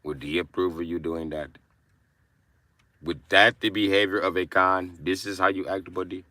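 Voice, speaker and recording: A man hosting a casual livestream, brash and profane as he roasts his chat, with sudden bursts of yelling. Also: deep voice, fairly even intonation, moderate pace, no echo. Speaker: livestream host.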